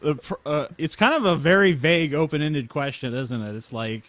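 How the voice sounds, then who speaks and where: A man's voice: a little high, brisk, a bit bright, slight background noise. A man co-hosting a casual podcast, crude and joking in a loose way. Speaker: podcast host.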